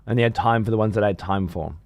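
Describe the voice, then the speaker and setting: A man's voice: on the low side, rapid-fire, a little mellow, no room sound, clean studio sound. A middle-aged man streaming games, chatting casually in a rambling, profane way with many restarts. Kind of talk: casual gaming stream chat.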